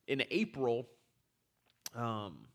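A man's voice: mid-range voice, very animated, very slow. A young adult man, a guest teacher, candidly telling a personal story to a congregation and acting out the dialogue. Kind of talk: personal story in a church talk.

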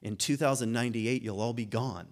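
A man's voice: medium pitch, a little fast. Musing man giving a wry lecture. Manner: musing, wry, laughs at his own points, many restarts. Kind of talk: informal philosophy lecture to a class.

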